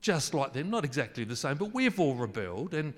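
A man's voice: fairly high pitch, big pitch swings, a little fast, long reverb tail. A man preaching a sermon in a conversational way, asking his listeners questions. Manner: conversational, asks the congregation questions, jokes about his wording.

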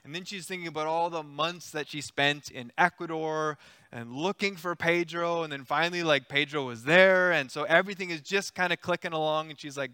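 A man preaching a sermon, retelling a story in a conversational, animated way with acted-out quotes. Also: fairly high pitch, fairly quick, smooth, no echo, clean studio sound.

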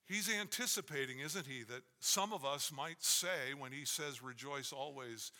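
A man's voice: mid-range voice, moderate pace, bright, forceful tone. A man preaching a sermon as a pastor, emphatic and repetitive in his cadence. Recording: long reverb of a large hall.

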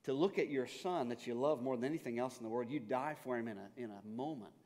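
An earnest male pastor delivering a sermon in a medium-pitched voice, stammering and restarting as he works through his thoughts. He rises to loud, pleading intensity, then drops to a hushed, reflective tone. His voice carries the long reverb of a large hall. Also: fast.

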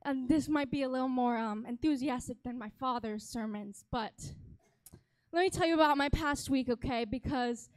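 High-voiced, dramatic young woman speaker. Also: moderate pace, dry recording. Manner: animated, dramatic, exaggerating for laughs. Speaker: worship leader giving a talk. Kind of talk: humorous storytelling talk to a congregation. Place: church stage.

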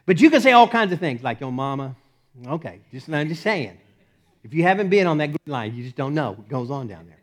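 Animated preaching man, slightly high voice. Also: fairly quick. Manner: animated, conversational preaching with sudden loud peaks and hushed asides. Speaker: pastor. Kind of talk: sermon.

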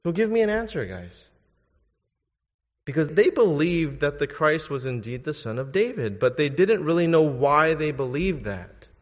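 A man's voice: a little high, very animated, normal speed. A man preaching a sermon, asking his listeners pointed questions and urging them to think. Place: church. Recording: dull sound in a reverberant hall.

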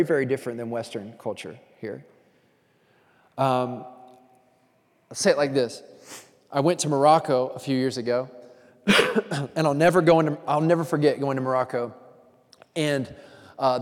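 A man preaching a sermon as pastor, talking conversationally and telling animated stories with asides to the congregation. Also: medium pitch, long reverb tail.

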